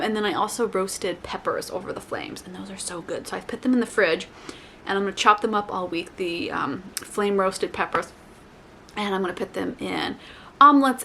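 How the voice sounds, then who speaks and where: A woman vlogger talking casually to the camera, rambling and correcting herself, with lively, playful asides to her viewers. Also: medium pitch, vocal fry, slight background noise. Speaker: lifestyle vlogger. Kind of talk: casual chatty advice to camera.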